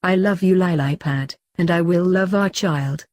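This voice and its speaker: A woman's voice: fairly low pitch, unhurried, a little mellow, dry recording, studio quality. A woman reading as a devoted, cheeky young husband. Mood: tender.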